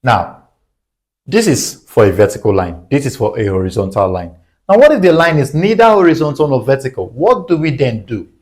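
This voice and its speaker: A man's voice: mid-range voice, big pitch swings, moderate pace, a little mellow. A man teaching a math lesson at a whiteboard, asking rhetorical questions and answering them himself.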